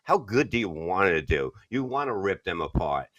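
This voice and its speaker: New york guy on a podcast, low voice, blunt, swears a lot, dry close sound. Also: moderate pace, dry recording, dull audio. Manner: blunt, swearing, animated storytelling. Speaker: podcast host. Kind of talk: casual podcast chat.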